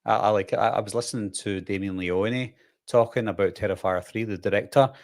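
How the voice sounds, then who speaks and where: A man's voice: on the low side, fairly even intonation, a little fast. A man hosting a podcast in casual chat, talking in a chatty way and reading out viewer comments. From United Kingdom.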